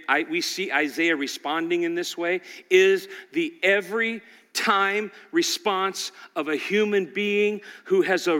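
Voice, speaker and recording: Impassioned preacher in a reverberant hall. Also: male voice, on the high side. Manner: impassioned, swings from loud exhortation to quiet intensity. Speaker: pastor. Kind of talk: sermon. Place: large church hall.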